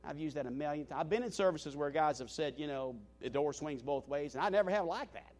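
A man preaching a sermon as a guest speaker in a church. He swings between loud emphatic calls and hushed tender asides, repeats his phrases and stumbles over restarts. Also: on the high side, fast talker. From Southern United States. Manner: stammering restarts. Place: church meeting hall.

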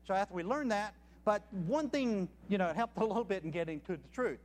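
A man's voice: high-pitched, animated, fairly quick, darkish tone, in a large hall. A man preaching a sermon as a missionary, emphatic and counting off his points one by one.

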